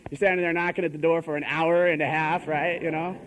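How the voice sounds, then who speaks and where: A man's voice: fairly high pitch, level tone, quick pace, low-quality recording. A young man doing a stand-up comedy set on a live stage, chatty and full of "you know". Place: live stage before an audience.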